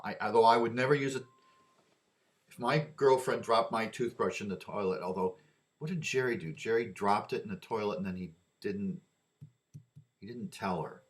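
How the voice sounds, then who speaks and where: A man's voice: fairly low pitch, moderate pace. A man delivering a rambling opinion monologue, often repeating and restarting his words.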